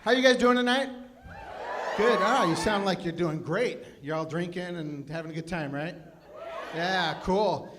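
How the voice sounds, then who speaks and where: Fifty-year-old stand-up comic, higher voice. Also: male voice, a little slow, background noise. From Phoenix, USA. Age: 50s. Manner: self-deprecating, chatty with the crowd. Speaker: stand-up comedian. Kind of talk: stand-up comedy set. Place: live comedy club with audience.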